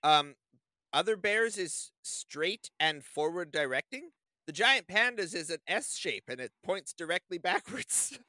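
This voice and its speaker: Bright, dry-sounding male podcast co-host. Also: high voice, expressive, a little slow, no echo. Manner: wry, nitpicky, chuckles often. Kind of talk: casual chat.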